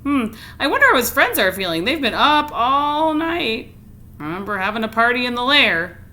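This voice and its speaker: A woman reading a picture book aloud to children, pausing to ask them questions in an animated way. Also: fairly high pitch. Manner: animated, asks listeners questions. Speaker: read-aloud teacher. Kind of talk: storytime read-aloud for children.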